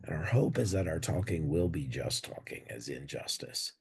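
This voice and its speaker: A man co-hosting a casual conversation about weekly gospel readings, talking through laryngitis with a croaky, hoarse voice and a self-deprecating manner. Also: rumbling low, very animated, moderate pace, a little mellow. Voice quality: croaky, gravelly. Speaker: podcast co-host. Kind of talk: casual religious discussion.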